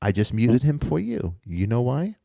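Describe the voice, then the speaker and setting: Lively teasing male talk show host. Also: mid-range voice, moderate pace, gravelly, dry recording, clean studio sound. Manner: teasing, loud and animated. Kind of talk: live talk show banter.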